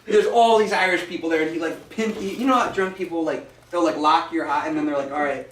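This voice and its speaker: A man's voice: on the high side, fast, a little hiss or hum. Roomy, far-off American man telling stories on stage. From United States. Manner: casual, profane, animated storyteller. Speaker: folk singer-songwriter. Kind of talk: storytelling between songs at a live show. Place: small music venue. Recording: roomy, distant live recording with music.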